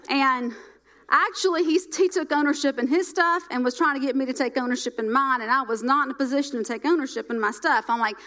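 A middle-aged woman preacher gives a sermon in a high voice. She repeats lines for emphasis, shifting between loud, emphatic phrases and hushed, almost silent ones.

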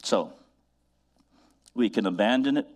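A man preaching a sermon, building to emphatic repeated refrains and drawing out scripture quotes slowly. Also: on the low side. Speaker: pastor.

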